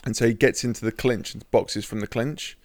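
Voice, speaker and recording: A young man co-hosting a podcast in casual chat, chatty and sweary with quick interjections. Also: medium pitch, fairly even intonation, darkish tone, dry recording, studio quality. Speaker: podcast co-host.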